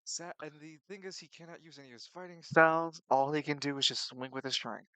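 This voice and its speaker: A young man narrating a tabletop game as game master, animated, swinging between loud and quiet and stumbling over his words. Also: fairly high pitch, quick pace, smooth, no room sound, low-quality recording.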